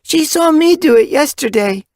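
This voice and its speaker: A man's voice: extremely high pitch, expressive, normal speed, no room sound, clean studio sound, voice pushed up. A man doing a proud little tomcat kit. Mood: eager. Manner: eager, proud. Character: boastful young male kit cat.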